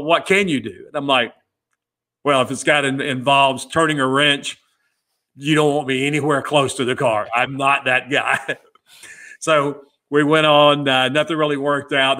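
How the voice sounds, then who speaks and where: Bright-voiced middle-aged man telling stories. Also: mid-range voice, moderate pace. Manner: lively storyteller who acts out quoted dialogue. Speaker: guest, former pit crew member. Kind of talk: casual storytelling interview.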